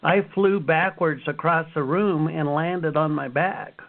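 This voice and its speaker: A man's voice: a little high, unhurried. Man in his fifties, interview guest, acts out past moments as he tells them; sound is narrow like a phone line. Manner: animated storyteller, acts out his own past reactions. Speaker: author and guest. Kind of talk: storytelling interview answers.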